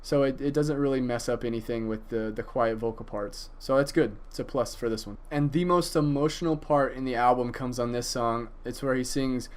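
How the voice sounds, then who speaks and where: A man's voice: mid-range voice, brisk, hardly any pauses. A man casually reviewing an album, enthusiastic and profane, with frequent hesitations and fillers. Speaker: music reviewer.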